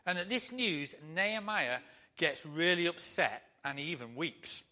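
A man's voice: a little high, expressive, unhurried, sharp tone. A male pastor giving a conversational sermon to his church, full of rhetorical questions.

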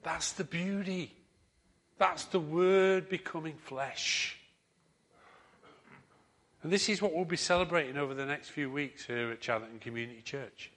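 A man preaching a sermon as pastor, telling stories with emphatic rises and soft, trailing endings. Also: a little high, a little slow, long pauses.

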